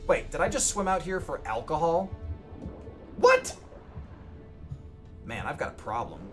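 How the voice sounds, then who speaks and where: A man streaming a game live, chatting excitedly with his viewers and yelping during tense moments. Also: a little high, slow, soft background music. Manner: excitable, chats to viewers, yelps at the action. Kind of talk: casual live-stream gaming commentary.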